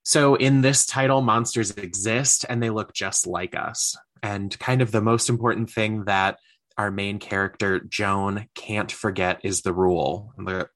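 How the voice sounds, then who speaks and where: Bright-voiced man, lively book chat. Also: on the low side, unhurried. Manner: enthusiastic, animated summarizing. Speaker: podcast co-host. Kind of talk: casual chat about books.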